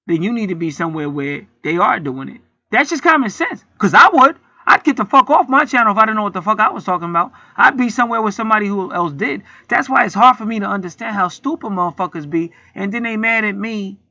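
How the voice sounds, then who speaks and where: A man hosts his own channel and rants in a heated, preachy way, full of profanity. His voice is gravelly and sharp-edged, a little higher than most men's. The sound is dry and dull, like a lo-fi home recording. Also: no echo. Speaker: channel host. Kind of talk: casual rant to camera.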